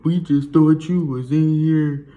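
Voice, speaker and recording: A man voicing a sheepish male police officer, apologizing in a slow, drawn-out way. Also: a little high, steady tone, narrow, tinny audio, voice pushed up.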